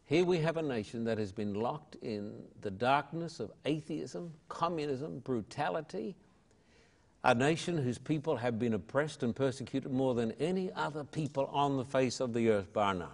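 A man's voice: medium pitch, normal speed. An older Australian man, an evangelist and pastor, answering interview questions in a fervent, preacherly way.

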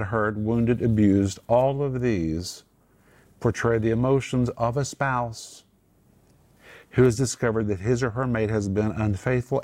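A man's voice: fairly low pitch, mellow. A man co-hosting a Christian talk show, teaching a Bible passage in an earnest, emphatic way and drawing out his key words. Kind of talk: sermon-like teaching.

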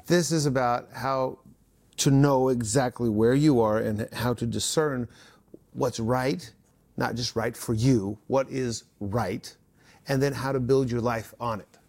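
A man's voice: mid-range voice, steady tone, unhurried, a little mellow. A man co-hosting a Bible discussion, chatting and recalling past events. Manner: conversational, recalling memories. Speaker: co-host.

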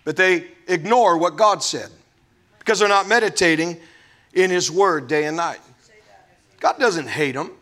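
A man's voice: high voice, a little slow, pauses often, pushed and bright. A man preaching a sermon as pastor, emphatic, with folksy asides.

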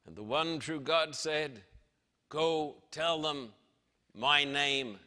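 A man preaching a sermon, slow and dramatic, stretching out his words and raising his voice on quoted lines. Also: a little high, bright, forceful tone. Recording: reverberant hall.

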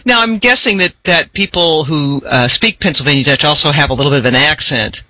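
A woman's voice: deep voice, fairly quick. A woman interviewer asking curious questions and sharing family memories in a casual chat. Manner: warm, curious questions, laughs often. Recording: dull lo-fi dry recording.

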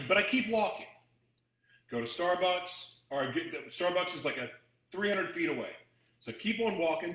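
A man's voice: fairly high pitch, lively intonation, moderate pace, sharp tone, echoey room, rough recording. A man hosting a talk, chatting to his audience in a rambling, emotional way with frequent restarts. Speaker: host addressing an audience. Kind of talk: casual storytelling talk.

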